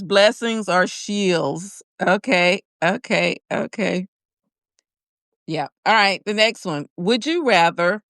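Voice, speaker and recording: A woman's voice: medium pitch, fairly bright tone, no room sound, studio quality. A woman hosting a casual live chat, reading out questions and laughing often. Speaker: host.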